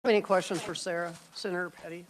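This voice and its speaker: A woman chairing a legislative committee hearing, asking the witness questions in a brisk, conversational way. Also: lowish voice, steady tone.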